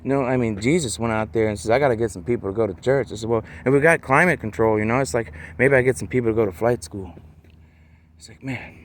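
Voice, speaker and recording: A man talking in a loose, rambling monologue, peppering his talk with "man" and "you know" and slowing down to stress words. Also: medium pitch, a little hiss or hum.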